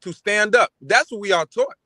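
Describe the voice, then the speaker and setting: Emphatic high-voiced man, bright and dry. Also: moderate pace, no echo. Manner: animated, emphatic, repeats phrases. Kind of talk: casual chat.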